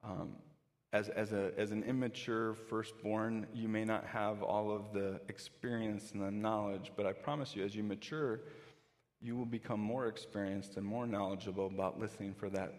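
Guy preaching in a church, kinda low voice, lots of restarts, big echoey hall. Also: steady tone, moderate pace, a little mellow. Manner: conversational, with frequent restarts. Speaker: pastor. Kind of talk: sermon.

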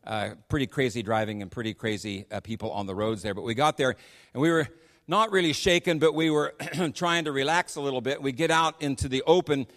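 A middle-aged American man, a missionary preacher, telling stories in a sermon in an animated, chatty way with frequent restarts. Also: medium pitch, fairly quick. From United States. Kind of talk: sermon with storytelling. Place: church sanctuary on a PA system. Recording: long reverb of a church hall.

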